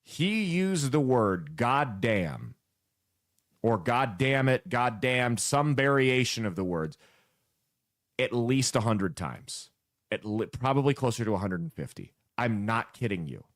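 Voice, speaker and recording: A man's voice: medium pitch, sing-song, measured pace. A man from the American Midwest hosting casual political commentary, talking bluntly and with sarcasm.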